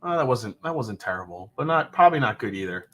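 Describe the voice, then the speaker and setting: Lively, bright-voiced man hosting a stream. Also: medium pitch, fast. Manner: joking, loose, profane. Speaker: livestream host. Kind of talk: casual live chat.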